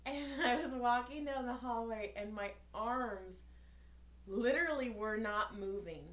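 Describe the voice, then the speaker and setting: A woman's voice: on the high side, measured pace, fairly bright tone. A woman in her forties, a podcast co-host, tells a story in casual chat, acting out the voices of the people in it and swearing freely. She sounds tired. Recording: echoey room.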